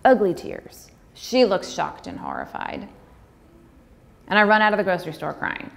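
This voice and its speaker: A woman giving a personal talk, speaking candidly and heartfelt with fillers, sometimes breaking into quick, acted-out dialogue. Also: medium pitch, wildly swooping pitch, vocal fry. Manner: acts out dialogue in quick bursts. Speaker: speaker on pregnancy loss.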